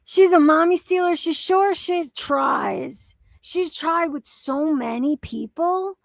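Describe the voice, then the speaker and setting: A woman's voice: very high voice, slow, creaky, no room sound. A young woman hosting a reaction commentary video, ranting in a profane, exasperated and mocking way. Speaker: commentary channel host.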